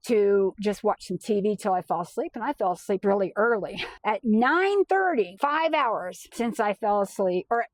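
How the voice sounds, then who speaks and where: A woman in an everyday middle-pitched voice tells a personal story in a loose, chatty, self-deprecating way, the sound close and dry with no room around it. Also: lively intonation, moderate pace, hardly any pauses, dry recording. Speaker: vanlife vlogger. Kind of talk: casual first-person storytelling.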